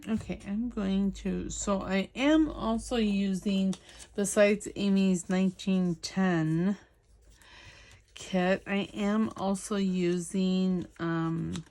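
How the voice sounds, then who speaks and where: A woman's voice: mid-range voice, fairly even intonation, slow pace, warm tone. Chatty Southern woman crafting at home. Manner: chatty, talks to her dog and viewers while working. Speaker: crafting channel host. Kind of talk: casual crafting vlog chat.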